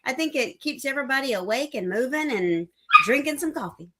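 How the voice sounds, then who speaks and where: A woman's voice: sits high, expressive, a little fast, fairly bright tone, slight background noise. A woman co-hosting a live morning cruise show, chatting casually, teasing and giggling often. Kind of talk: casual live-stream chat.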